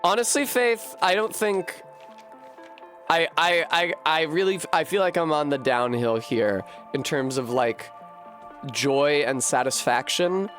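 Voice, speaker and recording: A man's voice: a little high, a little slow, a bit bright, soft background music. Rambling, swearing male game streamer. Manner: rambling, swears freely, self-deprecating. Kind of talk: casual live-stream commentary.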